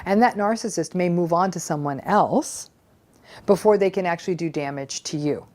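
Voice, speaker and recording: Low-voiced woman explaining to camera. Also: normal speed, a little mellow. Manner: earnest, conversational, acts out quoted voices. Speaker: psychologist explaining narcissism. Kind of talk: educational talk to camera.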